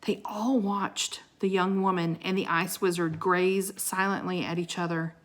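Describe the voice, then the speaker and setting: A woman reading a children's chapter book aloud, dramatic and expressive. Her voice sits on the lower side and she reads very slowly, letting each line land. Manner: dramatic, pausing to show pictures. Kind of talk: expressive read-aloud storytelling.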